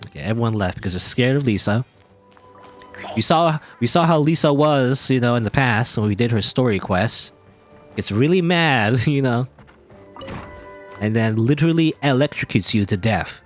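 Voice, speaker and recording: A male game streamer who chats in a playful, jokey way, with a voice that rises and falls a lot. He reads the game's text aloud between his own remarks. His pitch sits in an ordinary middle range. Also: animated, normal speed, soft background music. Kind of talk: gaming livestream commentary.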